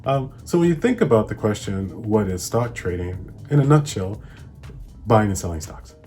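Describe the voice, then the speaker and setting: A man's voice: fairly low pitch, animated, normal speed. A young man with a Hawaiian accent hosts an investing vlog, explaining things in an easygoing, chatty way and laughing often. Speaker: investing channel host. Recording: soft music behind.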